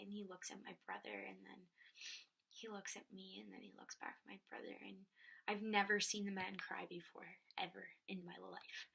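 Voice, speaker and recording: A young woman telling a personal story in a soft, often whispery voice, with many filler words. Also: mid-range voice, vocal fry, husky. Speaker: vlogger.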